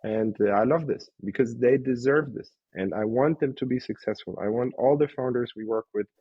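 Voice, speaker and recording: A man being interviewed as an investor, telling emotional, animated stories and acting out quotes. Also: mid-range voice, normal speed, slightly rough, dry recording, muffled recording. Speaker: guest investor. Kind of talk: candid interview talk.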